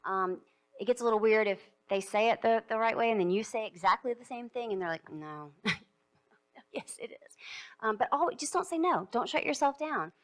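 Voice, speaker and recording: A woman's voice: on the high side, fairly quick. A woman voice actor speaking on a conference panel in a playful, easy way. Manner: playful, laughs often.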